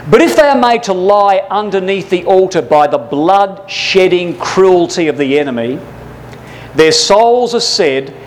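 A man's voice: high-pitched, a little hiss or hum, low-quality recording. A man teaching a Bible class, preaching fervently and pressing listeners with urgent rhetorical questions. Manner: addresses listeners as brothers and sisters.

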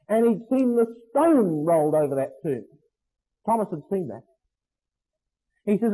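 A man preaching a sermon, emphatic, slowing to stress phrases and asking rhetorical questions. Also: high voice, dark tone, breathy edge, rough recording.

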